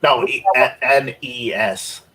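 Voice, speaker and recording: A man co-hosting a podcast, chatting casually and explaining things in halting bursts full of "uh" and "like". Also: medium pitch, bright, forceful tone, slightly rough. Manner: halting, many fillers and restarts while explaining. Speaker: podcast co-host. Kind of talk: casual chat.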